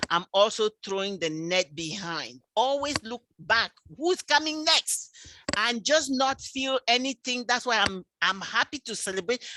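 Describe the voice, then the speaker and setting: A woman speaking on a book launch panel, animated and laughing, acting out little exchanges as she talks. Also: on the high side, no echo. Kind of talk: casual online panel talk.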